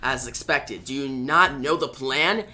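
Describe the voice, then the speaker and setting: A comic reviewer reading out the lines of a stern male superhero guardian in a lower, quieter, measured voice. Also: faint music behind. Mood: serious.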